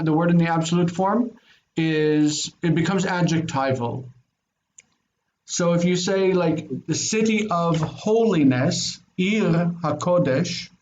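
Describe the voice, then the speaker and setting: A man teaching a Biblical Hebrew grammar lesson, explaining patiently and slowing down to spell out word forms. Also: high-pitched, darkish tone, highs cut off.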